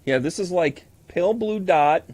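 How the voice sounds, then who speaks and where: A man's voice: high-pitched, expressive, normal speed, darkish tone, no room sound. A man with a Southern US accent doing a chatty, playful live tarot reading for viewers, joking between cards. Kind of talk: live card reading, casual chat.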